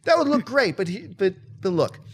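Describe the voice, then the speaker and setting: A man's voice: sits high, moderate pace, slightly rough. A man co-hosting a movie talk show, chatting casually and emphatically, with sudden bursts of enthusiasm. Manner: animated, emphatic, breaks into sung bits.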